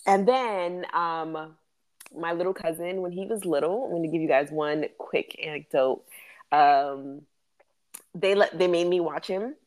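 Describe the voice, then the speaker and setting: A woman's voice: lowish voice, measured pace, a little mellow. A woman in her thirties, co-hosting a podcast in casual chat, talking in a chatty way with many fillers and laughs. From West Indies. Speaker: podcast co-host.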